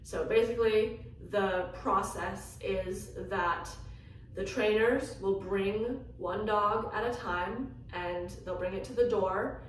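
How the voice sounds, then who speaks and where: A woman vlogger telling a personal story in an animated way, acting out the lines she quotes. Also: medium pitch, slow, a little hiss or hum. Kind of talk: storytelling vlog. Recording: echoey room from a distance, faint ambience.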